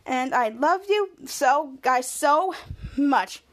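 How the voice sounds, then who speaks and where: High-voiced excited podcast host. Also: female voice, slow. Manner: excited, acts out characters' lines while retelling. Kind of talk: casual episode recap.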